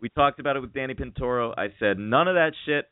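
A man's voice: medium pitch, quick pace, clean tone, dry recording. Man, radio co-host, casual frank chat, swears freely, feverish, tinny dry recording. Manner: candid storyteller, swears freely. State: feverish, getting chills. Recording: dry tinny phone-like sound.

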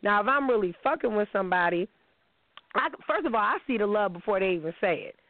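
A woman's voice: medium pitch, fast, no room sound. A woman hosting a casual call-in show, blunt and profane. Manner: blunt, profane, animated storytelling. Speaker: podcast host. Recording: tinny phone-line sound.

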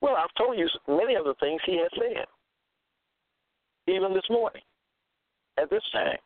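A man's voice: high voice, expressive, normal speed, dry recording. Man preaching scripture over a tinny line. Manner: reads verses aloud, then repeats key phrases with emphasis. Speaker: self-styled religious teacher. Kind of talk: monologue reading and interpreting scripture. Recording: thin phone-like dry sound.

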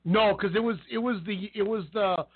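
A man's voice: high-pitched, steady tone, normal speed, slight background noise. A man co-hosting a wrestling podcast, chatting casually and telling rambling stories with frequent laughs. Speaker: podcast co-host. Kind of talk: casual chat. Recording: tinny phone-line call-in audio.

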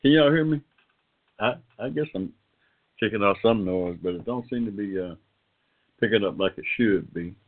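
A man's voice: sits low, normal speed. An older man, hosting a casual internet radio talk show in a rambling, folksy way. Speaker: host. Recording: phone-like call-in line.

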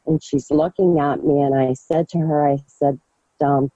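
A caller telling a personal story slowly, with halting pauses and many fillers. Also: mid-range voice, fairly even intonation, warm tone, slightly rough, dry recording, dull audio. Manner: slow, halting, measured. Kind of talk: personal story on a call-in show.

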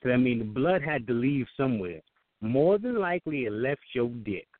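A man's voice: medium pitch, expressive, normal speed, no echo. Joking man on a tinny line. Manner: laughs often, playful and crude, repeats "you know what I'm saying". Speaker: co-host. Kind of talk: casual comedic banter.

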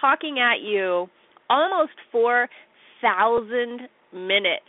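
A woman's voice: a little high, lively intonation, measured pace, dry recording. A woman hosting her own podcast, chatting casually in a bubbly, giggly, self-deprecating way. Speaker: podcast host. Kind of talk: casual solo podcast talk. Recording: tinny phone-line sound.

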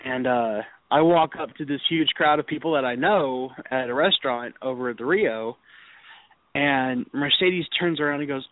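A man's voice: on the high side, brisk. A man hosting an internet radio show, telling crude stories in a casual, profane way and laughing often. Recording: tinny call-in audio.

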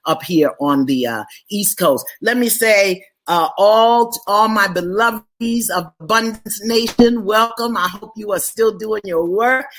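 A woman hosting a monthly spiritual gathering over a live video stream, greeting her listeners warmly and stretching out words for emphasis. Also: mid-range voice. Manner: lively, affectionate greetings with drawn-out emphasis. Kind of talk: livestream welcome and spiritual talk.

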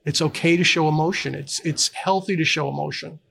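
A middle-aged man speaks as a guest at a live conference podcast. His voice sits a little high and has a gravelly edge, and he talks earnestly, stopping and restarting his sentences as he goes. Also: steady tone, fairly bright tone. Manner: earnest, halting with many restarts. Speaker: guest, fire service counselor. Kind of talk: candid conversational interview.

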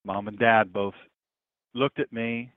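A pastor telling a story in a sermon, his voice swinging between loud stretches and hushed ones. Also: lowish voice, steady tone, slow, no echo, narrow, tinny audio.

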